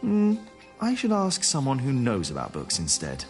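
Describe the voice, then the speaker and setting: The young builder hero of a medieval game, wry and easygoing. His voice sits mid-pitch but ranges widely, with faint music underneath. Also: wildly swooping pitch, normal speed. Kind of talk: game voice acting.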